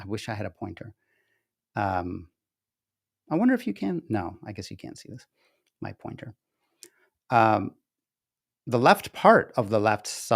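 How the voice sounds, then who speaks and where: Guy with a gravelly voice, middle pitch, talking through charts on screen, stops and restarts a lot, gets fired up and disbelieving. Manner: rambling, self-interrupting, emphatic and incredulous. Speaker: political commentary host. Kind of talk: casual screen-share commentary.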